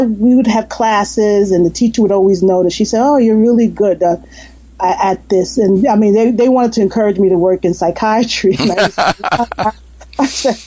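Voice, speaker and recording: A woman's voice: medium pitch, lo-fi sound. A woman hypnotist and former nurse, chatting in an interview and telling earnest stories with frequent restarts. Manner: earnest, warm-hearted storytelling with frequent restarts and laughter. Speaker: guest storyteller and hypnotist. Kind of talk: casual interview chat.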